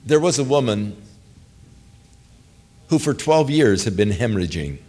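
Male preacher, sermon, slow and deliberate, lively intonation. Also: medium pitch. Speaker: pastor.

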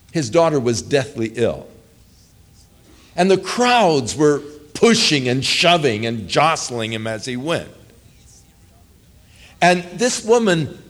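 A male pastor preaching a sermon, telling stories earnestly and with emphasis. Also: mid-range voice.

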